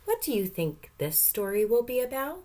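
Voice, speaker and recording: A woman teacher reading a picture book aloud to young children, gentle and encouraging, stopping to ask questions. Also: on the high side, big pitch swings, normal speed.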